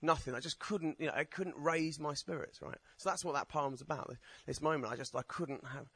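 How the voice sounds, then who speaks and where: A man's voice: on the high side, brisk, creaky, a bit bright, slightly rough, no echo. Man, stand-up poet, rambling, self-deprecating, dry sound. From Essex, England. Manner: rambling, self-mocking, chatty with the crowd. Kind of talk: stand-up comedy with poetry performance.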